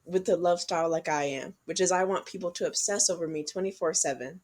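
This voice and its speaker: A woman's voice: fairly low pitch, fast, darkish tone. A young woman co-hosting a podcast, chatting casually and giving frank dating advice straight to listeners. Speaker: podcast co-host. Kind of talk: casual chat.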